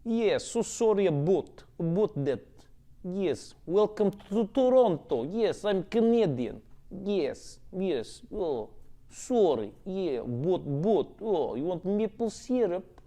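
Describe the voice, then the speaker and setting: A man's voice: sits high, big pitch swings, slow, warm tone, pitched above the performer's own voice, heavily acted. A man doing a comedic put-on voice of an overly polite, apologetic Canadian border guard. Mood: eager. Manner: apologetic, eager, put-on accent. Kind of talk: comedic impression.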